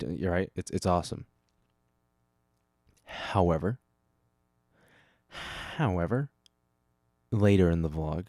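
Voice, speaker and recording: A man's voice: deep voice, slow pace, long pauses, warm tone, no echo, clean studio sound. A young man hosting his own podcast alone, rambling casually, breaking off his own thoughts and swearing offhand. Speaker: podcast host. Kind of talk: casual solo podcast chat.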